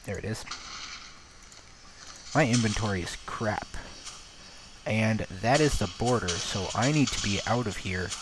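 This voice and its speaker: Excitable low-voiced man narrating gameplay. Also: unhurried, pauses often, background noise. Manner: self-mocking, jumps from mumbling to excited outbursts; playing around with a put-on accent. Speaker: gaming video host. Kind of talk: let's-play game commentary.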